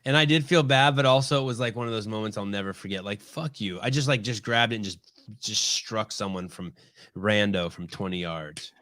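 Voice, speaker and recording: A middle-aged man hosting a podcast, telling stories in casual chat, swearing freely and getting animated. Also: fairly low pitch, brisk. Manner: profane storytelling, animated. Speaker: podcast host.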